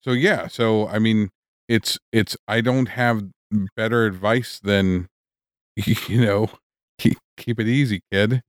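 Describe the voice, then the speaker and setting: Easygoing man with a low, dry voice. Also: fairly even intonation, takes it slowly, no room sound. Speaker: podcast co-host. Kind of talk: casual chat.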